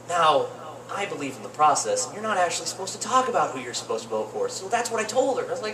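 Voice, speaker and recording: A young man doing rambling open-mic stand-up comedy in a cafe, with deadpan asides. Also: on the high side, fast. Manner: rambling, deadpan asides, lively swings into mock voices. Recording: roomy cafe with faint noise, distant mic.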